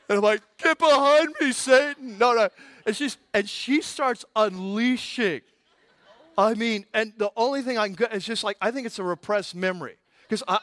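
A high-pitched male pastor delivers a sermon in a lively, comic storytelling manner. His voice is close and dry, with no echo around it. He leans into the punchlines with animated energy.

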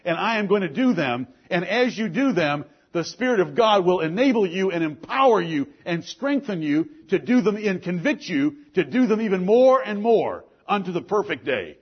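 A man preaching a sermon with force, asking pointed questions and swinging between loud and low lines. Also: very animated, normal speed, hardly any pauses, breathy edge, lo-fi sound. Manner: forceful preaching, rises and drops sharply, rhetorical questions. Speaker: pastor.

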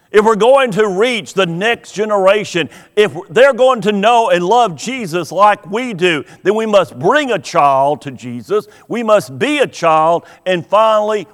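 A man preaching a sermon as pastor, earnest and emphatic, stretching out key words. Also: sits high. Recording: long hall reverb.

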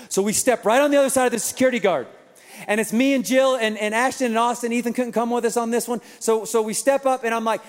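High-voiced man preaching in a reverberant hall. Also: normal speed, pauses often. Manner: animated storytelling, acts out voices, laughs with the crowd. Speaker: pastor. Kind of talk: Easter sermon storytelling. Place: large church auditorium. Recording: long reverb of a large hall.

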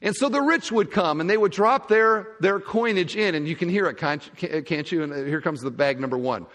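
A pastor giving a sermon, telling stories in a lively way and acting out the scenes. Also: male voice, high-pitched, moderate pace. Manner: animated storytelling, acting out scenes. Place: large church hall. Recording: long reverb of a church hall.

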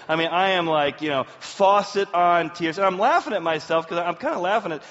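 A man in his forties, a pastor preaching a sermon as an animated storyteller, with big swings in pitch and loudness. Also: a little fast, few pauses. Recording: roomy hall, dull sound.

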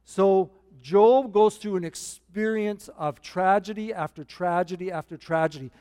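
A man's voice: high voice, unhurried, mellow, clear, resonant tone. A man preaching a sermon as pastor, earnest and repeating key points for emphasis. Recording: long hall reverb.

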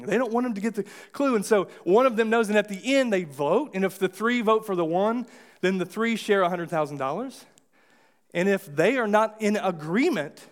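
An American man preaching a sermon in a church, speaking in a high-pitched voice. He keeps it casual and conversational, stopping to restart his sentences and acting out little scenes as he goes. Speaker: pastor. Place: church sanctuary.

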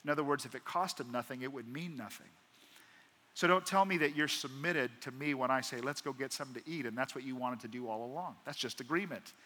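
A man preaching a sermon as pastor, swinging from hushed to emphatic and acting out prayers. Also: mid-range voice, fairly quick. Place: church auditorium. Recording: long church hall reverb.

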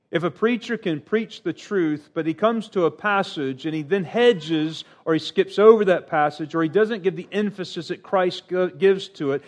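A middle-aged male preacher with a slightly higher-than-usual voice delivers a sermon. He is earnest and emphatic, jumping up for key points and dropping soft at the ends of phrases. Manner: earnest, emphatic preaching with sudden pitch rises and quiet trailing endings.

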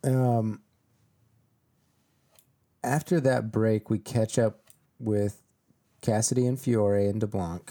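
A man co-hosting a casual TV recap chat, speaking in a measured way with many pauses. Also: lowish voice, fairly even intonation, dark tone. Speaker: podcast co-host.

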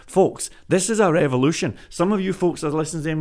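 A man talking straight to his viewers in a casual vlog, pitching an idea like a salesman and repeating phrases for emphasis. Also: brisk, few pauses, a little mellow. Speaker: web business vlogger. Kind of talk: energetic casual monologue to camera.

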